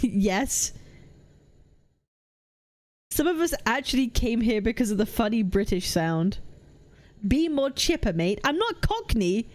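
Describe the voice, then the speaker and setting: Animated Welsh woman streamer. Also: on the high side, measured pace, pauses often. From Wales. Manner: animated, incredulous, teasing chat. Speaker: VTuber streamer. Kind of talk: casual live-stream chat reading chat aloud.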